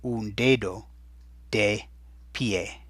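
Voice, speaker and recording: A man teaching a recorded Spanish vocabulary lesson in a chatty way, saying each word slowly and more than once so students can write it down. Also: fairly low pitch, fairly bright tone, dry recording.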